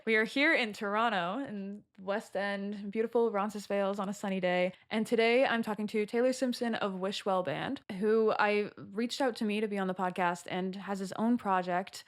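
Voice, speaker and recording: A woman's voice: medium pitch, fairly even intonation, moderate pace, hardly any pauses. A woman hosting a podcast interview, friendly and a little rambling as she asks questions. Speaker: podcast host.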